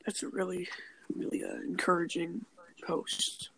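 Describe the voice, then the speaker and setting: A podcast co-host in casual chat, speaking in a dry, low-key way and often sinking to near-whispers. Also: male voice, level tone, measured pace, creaky, sharp tone, low-quality recording. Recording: faint background noise.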